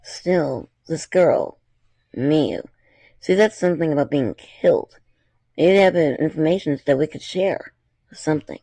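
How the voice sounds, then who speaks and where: A man's voice: on the high side, a little slow, creaky, mellow, no room sound. A man reading fan fiction aloud, with chatty, apologetic asides between the passages.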